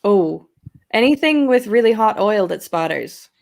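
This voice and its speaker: A woman bantering in a comedic chat, her voice swinging widely in pitch. She talks with a lively, giggly energy. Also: a little slow, gravelly.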